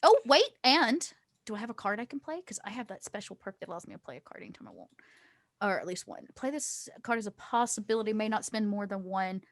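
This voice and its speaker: Woman player, lively pitch, dry close mic, casual game chat. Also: quick pace, no room sound. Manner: chatty, laughing, drops to whispers in character. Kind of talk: casual tabletop play.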